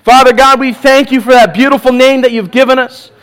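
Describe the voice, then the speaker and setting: At a church service with a live audience, a man preaches a charismatic sermon and altar call, exhorting the congregation with repeated shouts of "come on," breaking into bursts of laughter and leading them in prayer. His voice is very high, smooth and a bit bright, fairly even in intonation and a little fast.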